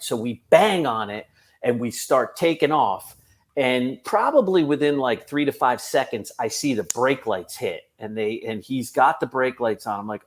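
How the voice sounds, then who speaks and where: A man, a police officer, telling a funny work story on a podcast, animated and laughing through it. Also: mid-range voice, moderate pace.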